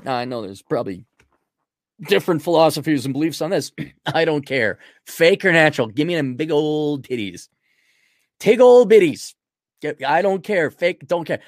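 A man hosting a podcast, reading out donor messages and answering them in blunt, crude, rambling talk that swings from loud outbursts to low muttering. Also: animated, normal speed, no echo, clean studio sound. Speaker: podcast host. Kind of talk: livestream donation reading.

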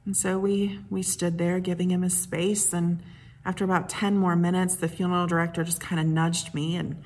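A woman pastor delivers a sermon, weaving personal stories in an unhurried, gentle way. Her voice sits a little low and has a husky edge. She often drops to a soft, hushed tone. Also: level tone.

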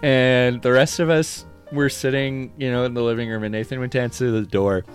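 A man co-hosting a podcast in casual chat, excitable, swearing and laughing as he tells stories. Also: medium pitch, a little fast, faint music behind. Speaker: podcast co-host.

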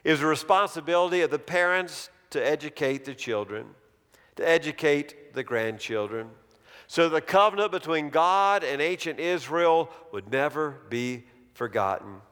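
A middle-aged male pastor delivers a storytelling sermon in a slightly raised, smooth and resonant voice. He slows down and drops to a near hush on the words he wants to land. The sound carries a long echo from a large church sanctuary. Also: a little high, expressive. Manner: dramatic storytelling, slowing and dropping to a hush on key words. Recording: long reverb of a large hall.

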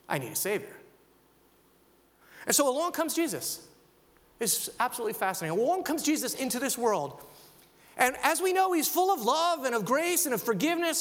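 A man preaching a sermon, animated, acting out quoted voices as he talks. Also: extremely high pitch, big-room sound. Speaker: pastor.

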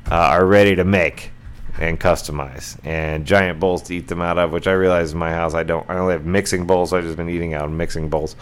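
Man, deep low voice, smooth and clear, casual podcast chat, lots of uh and you know. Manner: rambling, many fillers and restarts. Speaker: podcast host.

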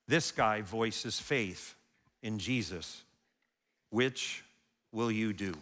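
A man's voice: on the low side, extremely slow, pauses often, a bit bright. A man preaching a sermon as pastor, telling the story dramatically and acting out the scene. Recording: long hall reverb.

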